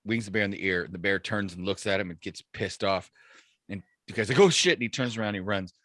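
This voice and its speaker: A man's voice: low voice, fairly even intonation, quick pace, pushed and bright, no echo, clean studio sound. A man hosting a podcast in casual chat, telling a crude joke in a laid-back way. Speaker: podcast host.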